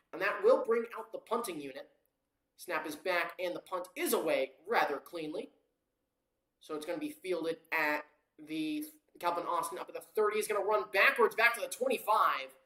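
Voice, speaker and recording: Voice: mid-range voice, normal speed, fairly bright tone. Casual solo sportscaster in a roomy room. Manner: casual, rambling asides with fillers and self-corrections. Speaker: amateur play-by-play commentator. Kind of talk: solo play-by-play over a live watchalong.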